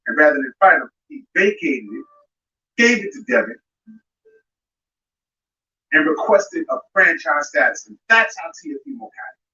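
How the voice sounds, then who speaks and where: Confronting a fighter head-on, a male boxing commentator rants during a live show in a fairly high, bright, forceful voice. Background music sits under audio that sounds dull, roomy, and far away.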